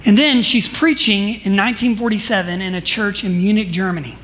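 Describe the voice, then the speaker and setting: A man preaching a sermon in a church service, telling stories emphatically and swinging between soft asides and loud declarations. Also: sits high, brisk, a little hiss or hum. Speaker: pastor.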